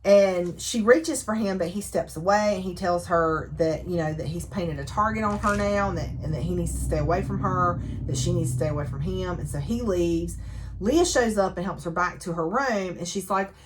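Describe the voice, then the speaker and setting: A woman's voice: lowish voice, moderate pace, background noise. A woman casually recapping a novel, chatty and gushing, slipping into the characters' lines as she goes. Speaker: book reviewer.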